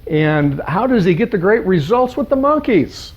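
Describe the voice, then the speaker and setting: A man's voice: high-pitched, very animated, normal speed, breathy edge, pitched above the performer's own voice, full character voice. A man playing eager, curious zoo visitors. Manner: eager, wondering questions. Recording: dull lo-fi sound.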